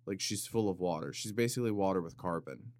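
Man, podcast host, rambling, deadpan, vocal fry, low voice, dry studio mic. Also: fast, no echo. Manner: rambling, deadpan absurd humor with sudden loud bursts. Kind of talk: comedic solo podcast monologue. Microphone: studio microphone.

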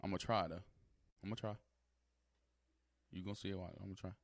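A young man riffing casually over a news clip, full of slang and side remarks. His voice sits fairly low, and the sound is dry and close, with no room around it. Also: fairly even intonation, brisk, no echo. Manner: loose slang-heavy talk, frequent laughs and asides. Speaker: streamer reacting to news clips. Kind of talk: casual reaction commentary.

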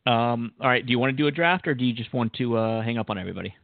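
Gravelly teasing male podcast host. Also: mid-range voice, racing, no room sound. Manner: teasing, laughs often. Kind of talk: casual chat. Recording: tinny phone-like sound.

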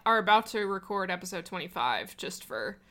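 A woman's voice: lowish voice, very animated, a little fast, fairly bright tone. A young woman chatting casually on a podcast, rambling with many fillers. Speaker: podcast player asking listener questions. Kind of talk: casual chat.

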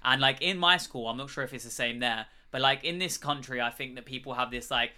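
A man's voice: mid-range voice, fairly quick, bright, forceful tone. A young British man with a British accent, rambling in a casual chat with lots of "like" and free swearing. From Britain. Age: young adult. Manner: rambling, swears freely, many likes.

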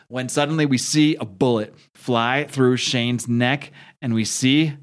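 A man's voice: mid-range voice, steady tone, unhurried. A man co-hosting a podcast, casually retelling a comic and acting out the characters' lines, laughing often. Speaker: podcast co-host recapping a comic. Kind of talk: casual chat, retelling a comic with acted quotes.

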